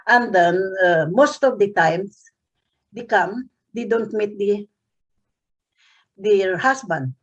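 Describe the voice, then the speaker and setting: An older woman from the Philippines with a Filipino accent, speaking haltingly with many fillers as an author being interviewed. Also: medium pitch, breathy edge, muffled recording. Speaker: author guest. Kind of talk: casual interview chat.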